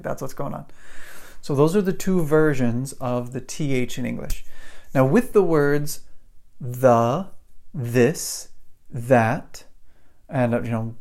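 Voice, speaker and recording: Speaking into a microphone in front of him, a man with a slightly mellow mid-range voice teaches English pronunciation to the camera. He explains patiently, checking in with the viewer over and over with "right?" and "okay?".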